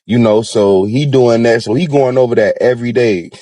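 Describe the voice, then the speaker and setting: A man's voice: mid-range voice, normal speed, warm tone. A man casually telling a story in a rambling way, full of fillers. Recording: roomy echo.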